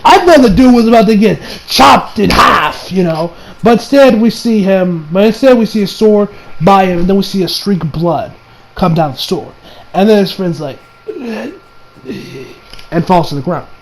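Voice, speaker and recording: A man giving a casual recap and review of an anime episode, animated and exasperated, laughing and swearing as he talks. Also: high-pitched, moderate pace, a little hiss or hum, poor audio.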